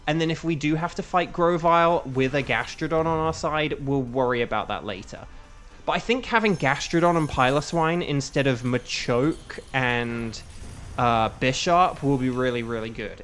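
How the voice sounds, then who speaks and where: A man's voice: fairly high pitch, a bit bright. A young man streaming a game, chatting through strategy with frequent fillers and groan-worthy puns. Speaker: streamer and voice actor. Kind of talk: casual gameplay commentary with chat.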